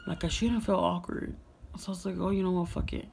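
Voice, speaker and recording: A young woman telling a story in a casual vlog, chatty and profane, full of "like" and "you know", sometimes dropping to a hush. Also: fairly low pitch, steady tone, fairly quick, creaky, slight background noise. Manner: drops into hushed whispers at times. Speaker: vlogger.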